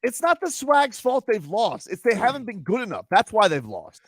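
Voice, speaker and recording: A man's voice: high voice, moderate pace, no room sound, studio quality. A man hosting sports talk radio, arguing heatedly and talking over his co-host. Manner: argumentative, talks over his co-host, animated.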